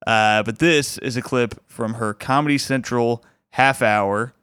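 Setting up clips on his podcast, a male host talks casually and rambles a bit. He has a mid-range, clear, resonant voice with a fairly bright tone, delivered at a measured pace. It's studio quality, with no echo.

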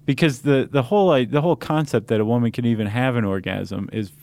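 A man's voice: medium pitch, fast, a little mellow. A man co-hosting a podcast in casual chat, joking and rambling with lots of fillers and restarts. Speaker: podcast co-host.

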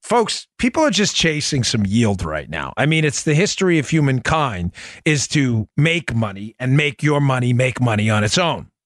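A man hosting a radio talk show, animated and jokey, with quick asides to his producer. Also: medium pitch, dry recording. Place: home studio in Florida.

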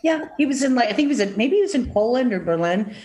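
A woman with a nasal Chicago accent, chatting as a guest and telling animated stories full of acted-out quotes. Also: fairly high pitch, fast talker. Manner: animated storyteller, acts out quotes, many fillers. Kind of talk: casual chat.

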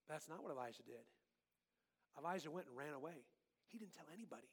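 A man giving a lively children's sermon with volunteers, playful and animated, swinging between loud bursts and hushed tones. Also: fairly high pitch, fast talker, long pauses, husky. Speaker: children's pastor.

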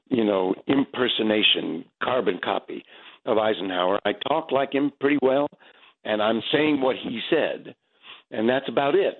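A man in his seventies, a stage actor, talking reflectively in an interview and often restarting his sentences. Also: medium pitch. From United States. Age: 70s. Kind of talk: interview over the phone. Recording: tinny phone line.

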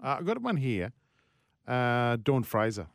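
A man with an Australian accent co-hosting a radio sports show, teasing his partner with quick asides. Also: medium pitch, big pitch swings, gravelly, no echo, clean studio sound. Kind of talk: casual radio sports chat. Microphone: studio microphone.

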